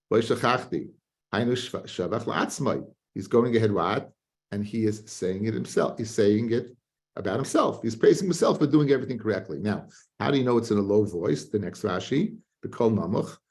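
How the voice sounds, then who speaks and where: Creaky-voiced rabbi teaching Talmud. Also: male voice, medium pitch. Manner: animated, chanting study singsong with frequent restarts. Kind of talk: Talmud class.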